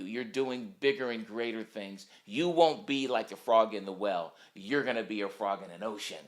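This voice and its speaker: A man, a former pastor, giving a recorded anniversary greeting and exhortation in a measured preaching cadence. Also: on the low side.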